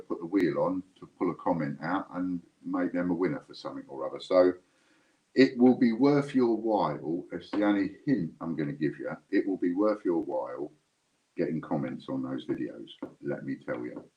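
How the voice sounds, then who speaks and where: A man's voice: deep voice, moderate pace, dull audio. A man hosting a live stream, chatting casually and jokingly straight to his viewers. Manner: rambling, jokey, talks straight to viewers.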